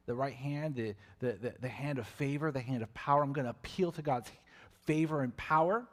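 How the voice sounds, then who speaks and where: A man preaching a sermon as pastor, animated and swinging between loud and soft as he acts out questions. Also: a little high, moderate pace. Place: church sanctuary. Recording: long reverb of a church hall.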